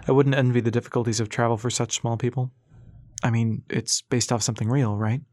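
A man's voice: medium pitch, level tone, a little fast, a little mellow, no room sound, studio quality, lightly acted. A man voicing an eager, curious young woman who asks hopeful, shaky questions.

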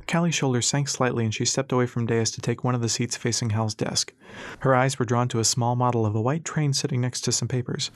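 Male audiobook narrator, mid pitch, steady and expressive, close dry sound. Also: a little fast, dry recording.

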